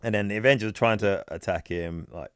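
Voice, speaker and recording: A low-voiced man recaps a comic story in a relaxed, rambling way for a podcast. He keeps slipping into quick, offhand versions of the characters' lines. The sound is close and dry, with no room around it. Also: clean tone, no echo. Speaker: comic book podcast co-host. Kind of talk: casual chat, retelling a comic plot.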